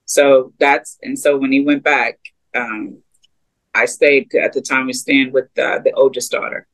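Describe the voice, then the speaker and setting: Gravelly-voiced woman telling her story. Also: a bass voice, fairly even intonation, a little slow, rough recording. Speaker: interview guest, ministry co-founder. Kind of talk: casual personal testimony.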